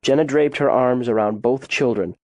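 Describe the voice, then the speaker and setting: A man narrating a suspense novel as an audiobook, in a measured, unhurried storytelling manner. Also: medium pitch, dry recording, clean studio sound.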